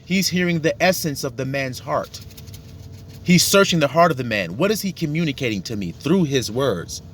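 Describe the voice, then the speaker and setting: A man's voice: mid-range voice, animated, normal speed, slight background noise. A man giving a casual, profane sermon, acting out little dialogues to make his points. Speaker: religious teacher.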